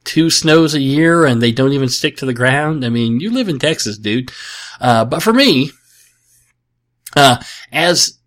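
A man's voice: mid-range voice, expressive, unhurried, pauses often, fairly bright tone. A man hosting a podcast, answering listener questions in a casual, joking way with sarcastic asides and self-mockery. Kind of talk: casual comedic chat.

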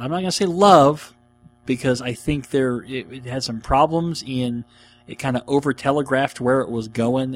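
A man hosting a podcast, answering listener questions in an enthusiastic, rambling casual chat. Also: mid-range voice. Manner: enthusiastic, rambling, laughs often.

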